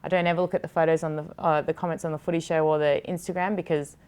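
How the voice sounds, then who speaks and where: Frank woman, lowish voice. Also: little pitch movement, racing, darkish tone, clear, resonant tone. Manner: frank and heartfelt, swears freely. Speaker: TV sports show host. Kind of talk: candid podcast conversation.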